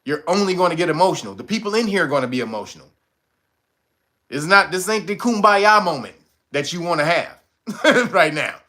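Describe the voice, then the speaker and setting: Male host, casual commentary, lively swooping delivery, bright edge, laughs a lot. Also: on the high side, a little fast. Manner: animated, laughs often, profane slang.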